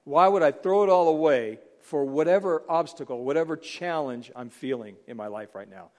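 A middle-aged man preaches with lively energy, dropping into character voices to act out scripture. His voice sits a little high for a man. A long hall reverb trails every phrase. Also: normal speed, hardly any pauses. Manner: animated, acts out biblical figures in voices. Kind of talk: sermon.

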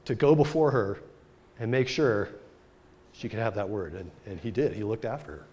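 A man pastor giving a sermon, reading scripture and retelling it with animated storytelling, dropping his voice soft for the dramatic moments. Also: on the low side, normal speed.

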